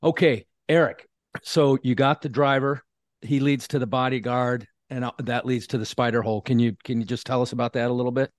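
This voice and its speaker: Man, podcast host, mid-range voice, dry close recording, explains terms slowly, reads sponsor spot. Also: medium pitch, fairly even intonation, no room sound. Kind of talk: interview hosting with sponsor read.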